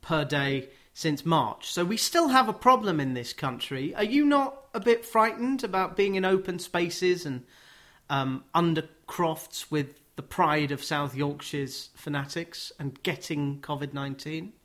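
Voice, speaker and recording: A man's voice: fairly high pitch, expressive, unhurried, fairly bright tone. A man hosting a football podcast, chatting casually with wry, joking asides. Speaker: podcast host. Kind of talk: casual chat.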